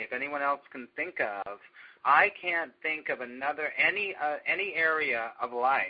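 A man guides a spiritual discussion group, talking in loose, rambling stretches full of fillers and restarts. His voice sits in an ordinary middle pitch. The recording sounds dull and lo-fi. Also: husky. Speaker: meditation group leader.

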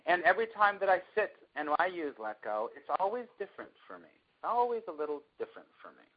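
A man telling a long personal story to a small group in a casual, animated way, often laughing as he goes. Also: high voice, quick pace, slightly rough, highs cut off.

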